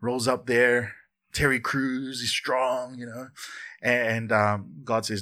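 A man preaching a sermon in church, lively and conversational, often repeating words and adding asides. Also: medium pitch, slow. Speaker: pastor.

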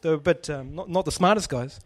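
A man's voice: a little high, a little fast. A man preaching a casual sermon, joking and putting questions to the congregation. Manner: chatty, jokey, asks the audience questions.

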